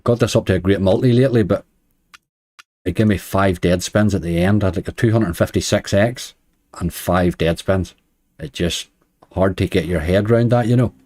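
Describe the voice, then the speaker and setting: Here a middle-aged man with a Northern Irish accent gives casual live-stream commentary while playing online slots, complaining at the game between chat. His low, darkish voice moves at a moderate pace, with no room sound.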